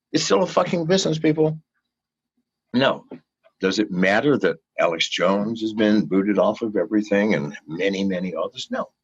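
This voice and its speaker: Older male guest, gravelly and husky, swooping pitch, profane firebrand, lo-fi sound. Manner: profane, fiery, pleading with listeners. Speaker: interview guest. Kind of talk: impassioned rant in an interview. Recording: dull lo-fi recording.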